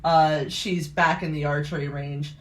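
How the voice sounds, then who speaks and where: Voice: mid-range voice, flat delivery, unhurried. A podcast co-host recapping a horror movie in a rambling, casual way, swearing freely. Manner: rambling plot summary with frequent swearing and laughs.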